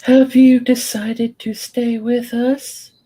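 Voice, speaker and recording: A man putting on a slow, eerie voice of a sinister presence that coaxes someone to stay. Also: very high-pitched, flat delivery, warm tone, pitched above the performer's own voice, exaggerated voice. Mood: eerie coaxing. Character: eerie soft-spoken presence, coaxing and sinister.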